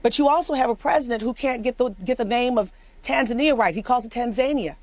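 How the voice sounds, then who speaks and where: A woman's voice: a little high, quick pace, a little mellow. A woman political commentator speaking with emphatic passion on a news panel, often repeating words as she presses her point. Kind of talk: impassioned panel discussion.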